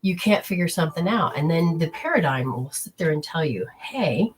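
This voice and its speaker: Here a woman with a low voice hosts a spiritual healing session, talking directly to listeners as she rambles through the steps like an informal instructor. She speaks briskly with lively intonation, and background noise can be heard.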